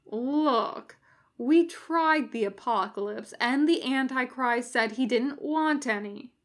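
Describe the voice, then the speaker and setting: A woman's voice: high voice, takes it slowly. A woman voicing a weary, sardonic male demon who grumbles in exasperation, read for a fan audiobook. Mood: exasperated.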